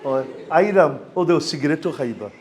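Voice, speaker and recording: A man with a Sylheti accent talks through a student workshop at a rapid clip, his voice sitting a little high. He is chatty and eager and keeps checking that his listeners follow. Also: big pitch swings, a little hiss or hum. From Bangladesh, Sylhet region. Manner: chatty and enthusiastic, asks for agreement often. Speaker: university lecturer giving a workshop talk. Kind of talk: lively presentation to students.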